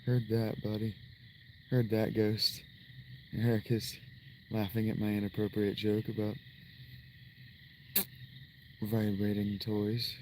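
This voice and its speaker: A man's voice: fairly low pitch, completely flat delivery, takes it slowly, long pauses, slight background noise, rough recording. A man chatting casually to his livestream viewers from inside a tent outdoors, rambling and making crude jokes. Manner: crude, joking, rambling asides to chat. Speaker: live streamer.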